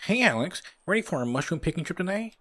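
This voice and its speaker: A man's voice: high-pitched, very animated, quick pace, a bit bright, slight background noise, pitched above the performer's own voice. An eager, upbeat young buddy chatters about a trip in a noticeably raised voice, as a man reads him out. The tone is chipper and game-like.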